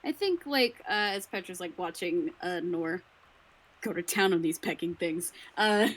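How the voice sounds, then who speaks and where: A woman playing a tabletop role-playing game, describing her character in a soft, hesitant way with many fillers. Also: on the low side, expressive, unhurried. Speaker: player. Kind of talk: tabletop role-play chat.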